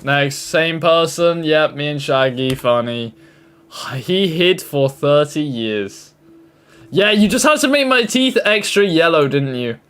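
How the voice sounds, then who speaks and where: A man's voice: a little high, animated, takes it slowly, a bit bright, a little hiss or hum. Joking man in casual reaction commentary. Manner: joking, exasperated, crude banter. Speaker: YouTuber reacting to fan-made clips.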